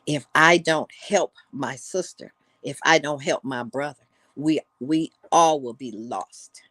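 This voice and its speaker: A woman's voice: low voice, takes it slowly, a bit bright, no room sound. An older woman, a guest on a talk show, talking casually and telling a folksy story with repeated words for emphasis.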